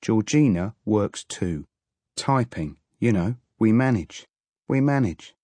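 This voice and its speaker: A man's voice: on the low side, expressive, dark tone, no room sound. A man voicing a polite young husband. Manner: mild, courteous, measured. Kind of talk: audiobook character voice.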